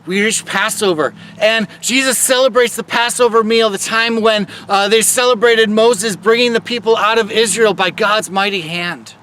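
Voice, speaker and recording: A man's voice: high voice, moderate pace, few pauses, pushed and bright, a little hiss or hum. A man leading a chapel service, retelling a Bible story in a casual, conversational way. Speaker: chapel leader.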